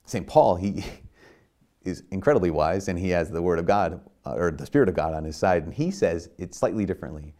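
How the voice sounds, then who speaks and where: A man's voice: low-pitched, lively intonation, brisk, warm tone. A man preaching a sermon in an earnest, conversational way, with many fillers and restarts.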